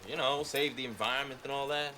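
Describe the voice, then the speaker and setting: An actor playing a wisecracking cop who goes undercover as a gun dealer and loves telling jokes. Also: male voice, mid-range voice, fast, slight background noise, close to an everyday voice. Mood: joking. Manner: joking, lively storyteller. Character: wisecracking street cop, jokey and brash. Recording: film soundtrack with loud score. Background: music.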